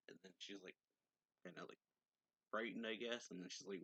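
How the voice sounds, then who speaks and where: A man with a lowish voice casually recapping a manga chapter. He talks in a hesitant, filler-heavy way and often corrects himself mid-sentence. The sound is dry and close. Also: steady tone, normal speed, pauses often, a bit bright, slightly rough, dry recording, poor audio. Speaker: manga reviewer.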